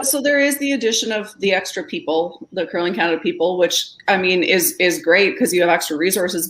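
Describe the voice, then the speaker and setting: A woman's voice: fairly low pitch, a bit bright. A woman, a former national-team curler, telling a candid personal story in an earnest, emphatic way. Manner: earnest, emphatic, repeats herself.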